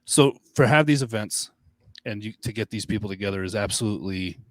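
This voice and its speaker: Emphatic, halting middle-aged man. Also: fairly low pitch, no room sound. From Long Island, New York. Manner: emphatic, halting, repeats himself. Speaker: podcast co-host. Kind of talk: casual podcast chat.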